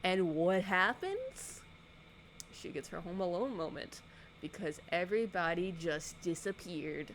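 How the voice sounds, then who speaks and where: A woman YouTuber giving a sarcastic, animated casual recap of a movie, acting out the characters' lines. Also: on the low side, measured pace, slight background noise.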